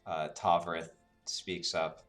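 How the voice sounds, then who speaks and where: Slow, hesitant male game master. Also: deep voice, flat delivery, fairly bright tone, soft background music. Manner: hesitant, many "um" and "sort of". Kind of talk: narrating a tabletop game.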